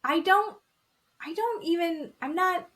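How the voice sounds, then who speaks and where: A woman co-hosting a podcast, casually retelling a reality show with lively, dramatic quoting of the people in it. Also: very high voice, unhurried. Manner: animated gossipy storytelling, acting out quotes. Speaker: podcast co-host. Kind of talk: casual chat recapping reality TV.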